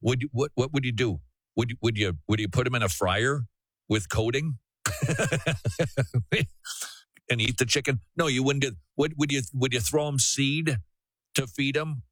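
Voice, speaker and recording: A man's voice: mid-range voice, normal speed, long pauses, a bit bright, no echo. A man hosting a call-in radio talk show, preaching earnestly and often restarting his sentences.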